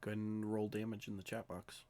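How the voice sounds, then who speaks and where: Game master, man, low voice, matter-of-fact, calm rulings. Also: fast. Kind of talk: narrating a tabletop game online.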